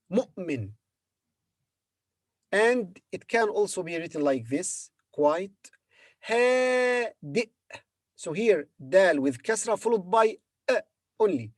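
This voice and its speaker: A man gives a very slow, patient language lesson. He repeats each word carefully and stops often to hesitate. The sound is dry and close, with no room echo. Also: high voice, a little mellow. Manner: patient, repeats words slowly with hesitant fillers. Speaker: Arabic teacher.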